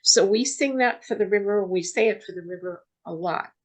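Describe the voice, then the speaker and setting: A woman telling a personal story in a casual interview, soft-spoken and halting, often restarting her sentences. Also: medium pitch, low-quality recording. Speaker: guest storyteller.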